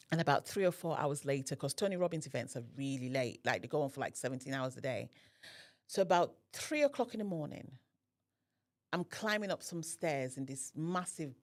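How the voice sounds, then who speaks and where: A woman whose voice sits low talks a little fast as a podcast guest. She tells a personal story in conversation, animatedly acting out the voices of the other people in it.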